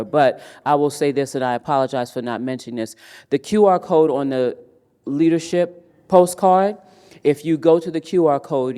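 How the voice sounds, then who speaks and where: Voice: mid-range voice, warm tone, clean tone. A man moderating a live leadership summit, speaking emphatically and often repeating words as he restarts. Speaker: panel moderator and emcee. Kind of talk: live event speech. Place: event hall.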